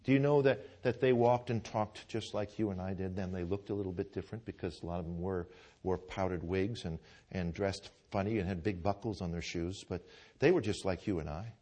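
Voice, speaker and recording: A man's voice: low voice, fairly quick, mellow. A man preaching a sermon in a church, fervent and conversational, often asking the congregation "Amen?" and restarting his words as he tells a story. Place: church with pews.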